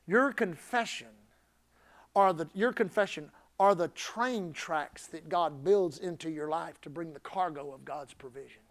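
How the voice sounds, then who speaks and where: A male pastor preaching a sermon emphatically, building up to shouted climaxes. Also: a little high.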